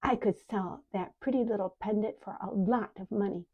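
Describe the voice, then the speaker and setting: A woman voicing a greedy, dwarfish old woman who croaks and hisses her words, sharp-tongued and wheedling. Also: mid-range voice, normal speed. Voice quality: croaking, hissing. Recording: dull lo-fi recording.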